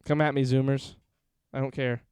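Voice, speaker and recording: A man hosting a podcast in casual chat, joking and swearing through quick banter. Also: medium pitch, flat delivery, darkish tone, clean tone, no room sound. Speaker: podcast host and streamer.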